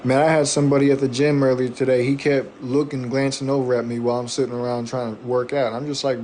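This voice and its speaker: A man's voice: medium pitch, little pitch movement, quick pace, hardly any pauses, a little mellow, a little hiss or hum. Slangy preachy man on a livestream. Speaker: livestream guest. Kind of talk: casual livestream talk.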